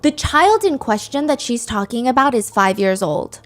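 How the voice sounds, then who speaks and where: A woman's voice: a little high, big pitch swings, moderate pace, a bit bright, soft background music. A woman hosting a podcast, telling a true crime story in a candid, conversational way. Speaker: podcast host.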